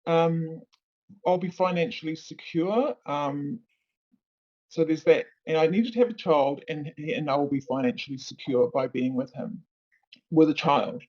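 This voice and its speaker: A woman recounts her own story as an interview guest. She pauses often and searches for her words. The audio is muffled and lo-fi. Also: low-pitched, a little mellow. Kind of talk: personal account in an interview. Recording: dull lo-fi recording.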